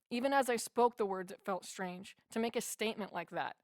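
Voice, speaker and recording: A woman's voice: medium pitch, fairly quick, no room sound, studio quality. A woman narrating a first-person memoir as an audiobook, in an earnest, heartfelt way.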